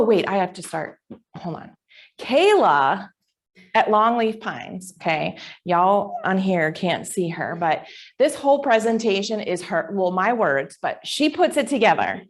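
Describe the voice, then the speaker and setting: A middle-aged woman teaching a live class in a chatty, informal way that rambles off track. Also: fairly low pitch. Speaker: real estate instructor. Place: classroom with online attendees.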